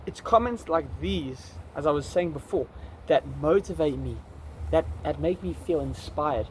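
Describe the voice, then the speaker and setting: There's a little hiss or hum as this South African man vlogs outdoors in an urban spot. His fairly high voice moves at normal speed with few pauses, and he chats casually to the camera, wandering off topic and self-correcting.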